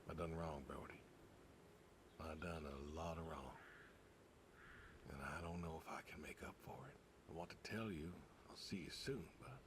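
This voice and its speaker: A regretful old farmer, very deep voice, halting rural drawl, noise under the game audio. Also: male voice. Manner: halting, regretful, soft-spoken. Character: grieving older farmer saying goodbye to his dog. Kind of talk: video game voice acting.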